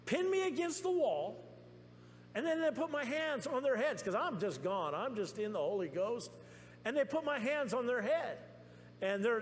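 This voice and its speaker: A man preaching a testimony sermon in a church, telling his story excitedly with many restarts. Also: extremely high pitch. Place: church sanctuary. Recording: long reverb in a church with faint hum.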